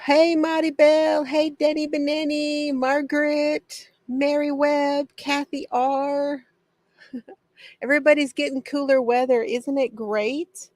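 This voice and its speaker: A woman's voice: high-pitched, level tone, slow pace, a little mellow, dry recording. A woman hosting a casual craft livestream from her home shed, greeting viewers by name, chatty and often laughing.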